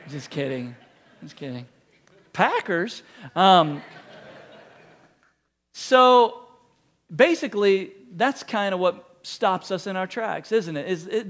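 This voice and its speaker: A man's voice: high voice, lively intonation, unhurried, pauses often. A man preaching a sermon, telling a story and acting out the quotes in it, with jokes and asides. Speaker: pastor.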